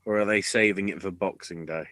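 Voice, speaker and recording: A man co-hosting a podcast in casual chat, swearing often and bursting into excited outbursts. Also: sits low, fairly quick, dry recording. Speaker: podcast co-host.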